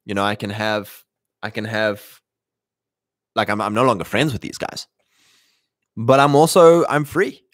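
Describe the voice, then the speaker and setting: A man with a fairly low voice talks through a loose, rambling monologue, restarting his sentences and slipping into mocking voices. The sound is dry and close, with no room around it. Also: a little slow, pauses often, a bit bright, no echo. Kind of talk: casual monologue.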